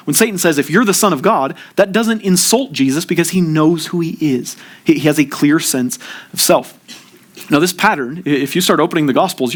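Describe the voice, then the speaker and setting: A man preaching a sermon as pastor, earnest and steady, often repeating the first word as he starts a sentence. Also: on the high side. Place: church.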